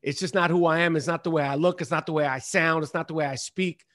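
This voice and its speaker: Male guest, high voice, salty animated storyteller. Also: quick pace. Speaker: podcast guest. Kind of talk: casual chat.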